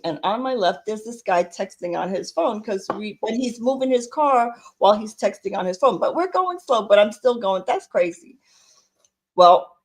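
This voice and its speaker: Woman co-host, chatty storyteller who acts out each quoted line. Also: mid-range voice. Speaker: podcast co-host. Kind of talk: casual storytelling chat.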